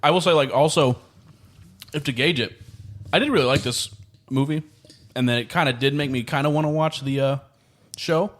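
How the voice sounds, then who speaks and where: A man's voice: a little high, fairly bright tone. Rambling young man on a podcast. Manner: rambling, halting, many fillers. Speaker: podcast co-host. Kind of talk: casual chat.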